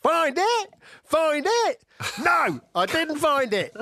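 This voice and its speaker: A man's voice: very high voice, very animated, slow pace, exaggerated voice. A man voicing a brash, angry middle-aged Australian husband who talks bluntly and calls everyone mate. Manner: blunt, matey, shouty. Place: home, recorded remotely.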